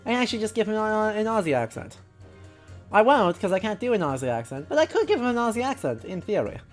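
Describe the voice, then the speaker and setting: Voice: medium pitch, very animated, fast talker, soft background music. A streamer reading a game aloud and making chatty, joking asides. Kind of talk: let's play commentary, reading the game aloud.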